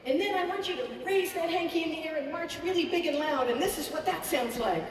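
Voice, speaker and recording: A woman hosting a children's concert, teaching young listeners in a lively, encouraging way, speaking in a large auditorium. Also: extremely high pitch, quick pace. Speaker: pianist and children's concert host. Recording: echoey hall from far off.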